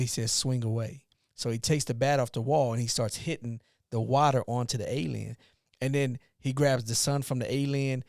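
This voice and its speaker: A man with a mid-range voice tells a long story on a podcast, animated and rambling, often restarting his sentences. The sound is dry and close. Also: medium pitch, dry recording. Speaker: podcast co-host, father, youth mentor. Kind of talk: casual storytelling.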